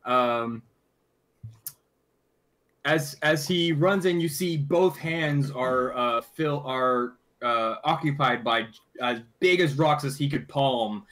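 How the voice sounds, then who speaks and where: A man narrating a tabletop game as game master, halting with frequent fillers and restarts. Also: medium pitch, a bit bright. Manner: halting, many fillers and restarts while recapping.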